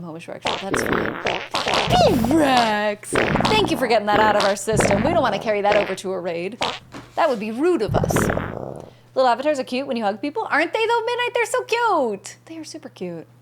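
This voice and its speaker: A woman's voice: mid-range voice, expressive, brisk, background noise. A young woman streaming a game, chatting casually and bubbly with viewers and thanking them by name.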